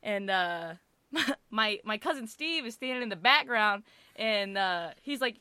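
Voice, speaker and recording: A woman casually telling a family story, animated and full of fillers, with bursts of swearing. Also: mid-range voice, normal speed, clean tone, no echo. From Italian-American family. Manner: animated, lots of fillers, swears, acts out quotes loudly.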